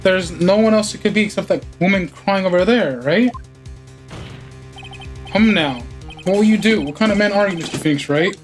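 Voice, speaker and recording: A man voicing a cold, arrogant prosecutor who speaks in cool, deliberate sentences. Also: high-pitched, soft background music, lightly acted. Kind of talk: game dialogue read aloud.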